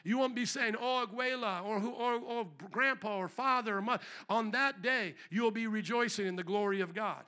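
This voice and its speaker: A man preaching a fiery sermon as pastor, dropping to quiet asides and rising to shouted emphasis. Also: sits high, fairly quick, hardly any pauses. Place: church.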